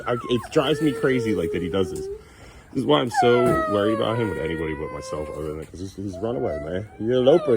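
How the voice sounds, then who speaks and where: A man's voice: mid-range voice, big pitch swings, quick pace, a little mellow, slight background noise. A man talking casually to his young son as a father, playful and coaxing, teasing him now and then.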